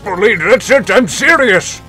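A man voicing a boastful, petulant male game boss in a high, theatrical voice. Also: animated, measured pace, sharp tone, soft background music, heavily acted. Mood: indignant. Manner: over-the-top villain taunts. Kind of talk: reading game dialogue aloud in voices.

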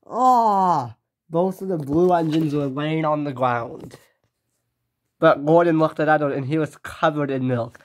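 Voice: medium pitch, normal speed. Amateur toy train story narrator. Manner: plain, unpolished read.

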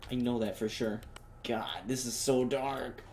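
A young man doing joking let's play commentary, reacting loudly and talking in slang. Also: medium pitch, steady tone, measured pace, slight background noise. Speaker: gamer.

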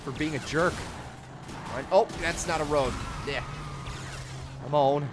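A young man hosting a gaming channel, giving goofy, excitable let's-play commentary, yelling and laughing at the game. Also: a little high, measured pace, crowd noise. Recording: game music loud behind the voice. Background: video game music and vehicle sounds.

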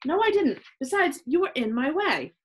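A woman's voice: sits high, very animated, moderate pace, pitched above the performer's own voice. A woman reading a children's book aloud, voicing a pushy, rude second-grade boy who snaps and bosses. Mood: bossy. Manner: bossy and snapping.

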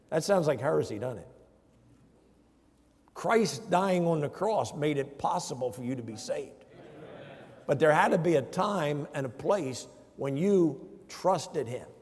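A man's voice: fairly high pitch, darkish tone, slightly rough. A man, a pastor, preaching a sermon emphatically and putting rhetorical questions to his congregation in a church. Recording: long church reverb.

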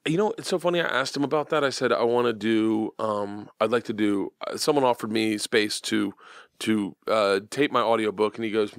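High-energy comedian man, dry close mic. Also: steady tone, normal speed, no room sound. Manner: high-energy, swearing, jumps into acted quotes and shrieks. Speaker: comedian guest. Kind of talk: casual podcast chat.

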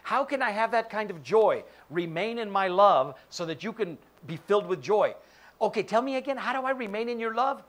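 A male pastor giving a sermon in church, joking and acting out quoted voices. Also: sits high. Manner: animated, jokey, acts out quoted voices. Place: church sanctuary.

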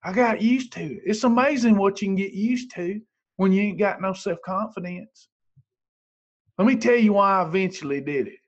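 A man's voice: high-pitched, normal speed, dull audio. A man giving a motivational livestream talk, preachy and emphatic, hammering home points by repeating his phrases. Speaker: motivational speaker.

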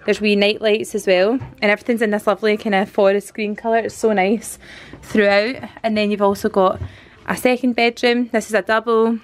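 A woman's voice: medium pitch, little pitch movement, fairly quick. A Scottish woman in her thirties giving a chatty, enthusiastic walkthrough tour of a converted canal barge as a family vlogger, filled with "like".

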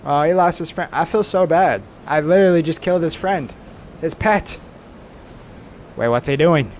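A man giving excitable let's-play commentary who yelps and shouts during fights. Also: fairly high pitch, moderate pace. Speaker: game streamer. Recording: noisy game audio behind the voice.

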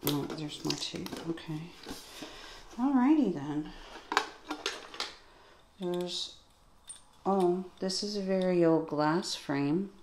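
A woman's voice: lowish voice, lively intonation, takes it slowly, long pauses. A woman vlogger unboxing toys in casual commentary, musing to herself and gasping with delight at her finds. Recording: echoey room with clear background noise.

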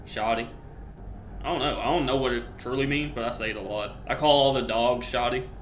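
A man's voice: medium pitch, steady tone, fairly quick, fairly bright tone, slight background noise. A young man streaming a game, chatting casually with slang and jokes at a desk mic. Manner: chatty, joking slang asides. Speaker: gaming streamer. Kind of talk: casual live-stream commentary. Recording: echoey room.

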